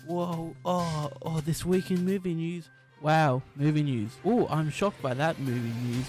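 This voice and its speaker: A man's voice: fairly high pitch, unhurried, a little mellow, natural voice. A man putting on an overexcited announcer voice for a movie-news segment, with mock-amazed exclamations. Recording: music playing under the voice.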